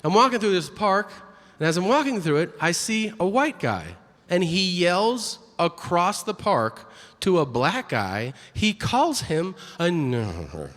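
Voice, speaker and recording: Comedian guy on stage, high-ish voice that swings up and down a lot, acting out bits. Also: takes it slowly. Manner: animated storytelling, acts out voices and shouts. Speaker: stand-up comedian. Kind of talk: stand-up comedy set. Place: comedy stage before a live audience. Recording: live room with audience noise.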